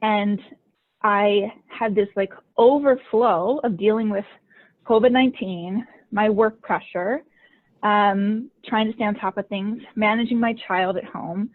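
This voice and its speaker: A woman's voice: medium pitch, a little slow. Chatty woman host on a tinny line. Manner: chatty, frequent "like" fillers. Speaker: podcast host and coach. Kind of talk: casual conversational storytelling.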